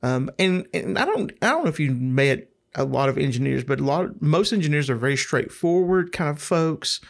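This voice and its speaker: A middle-aged man telling a rambling, casual story, often repeating words and clearing his throat. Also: a little high, animated, moderate pace.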